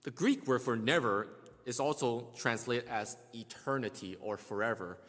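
In a hall whose long reverb lingers after each phrase, a male preacher delivers a sermon at a moderate pace, his middle-pitched voice a bit bright. He goes through scripture methodically, repeatedly restarting his words and voicing the quoted lines.

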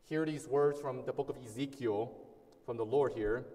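A man's voice: medium pitch, moderate pace, mellow, in a large hall. A man preaching a sermon as a pastor, earnest and emphatic, repeating key words and sometimes restarting phrases.

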